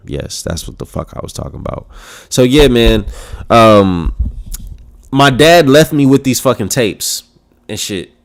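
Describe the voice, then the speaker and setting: A young man hosting a casual talk show, telling a story in an animated, profane rant full of restarts. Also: medium pitch. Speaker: podcast host.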